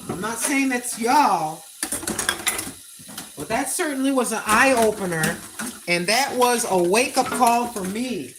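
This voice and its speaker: A woman in her sixties hosting a cooking livestream, chatting in a folksy way and repeating her points slowly for emphasis. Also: on the high side, lively intonation, noisy background. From United States. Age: 60s. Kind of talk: casual livestream chat.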